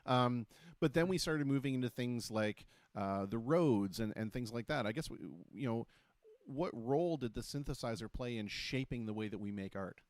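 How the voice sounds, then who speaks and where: Hosting a laid-back talk show, a man with a mid-range, slightly mellow voice spins stories quickly and jokily, often starting over mid-sentence. The sound is dry and studio-clean.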